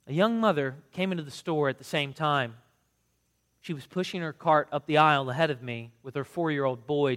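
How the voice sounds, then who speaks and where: A man, a pastor, reading scripture and praying in an earnest, measured way, then reading from a book. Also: on the high side, fairly bright tone, long reverb tail. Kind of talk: sermon reading.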